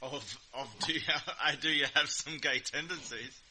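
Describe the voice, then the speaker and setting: Bright-voiced man, insistent and defensive. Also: a little high, normal speed, poor audio. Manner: insistent, defensive, laughs at his own jokes. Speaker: guest. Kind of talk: casual chat.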